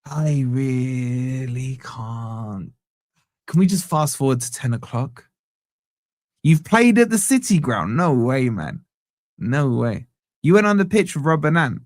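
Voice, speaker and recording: A man hosting a live football watch-along stream from a home setup. He banters with viewers and gives them shout-outs. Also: fairly high pitch, big pitch swings, moderate pace, no room sound, studio quality. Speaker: fan channel host.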